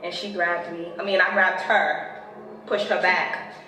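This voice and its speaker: A woman speaks a little slowly in a flat, low-leaning voice as she shows off her Bronx neighborhood, her New York accent and laid-back street slang coloring reflections on growing up there. The recording was made outdoors on city streets and sounds distant and echoey, with loud noise around her.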